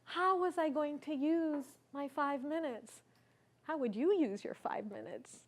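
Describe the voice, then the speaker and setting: A woman with a high voice shares a personal story from a conference stage, taking her time. Her manner is sincere and thoughtful, and she poses questions to the audience.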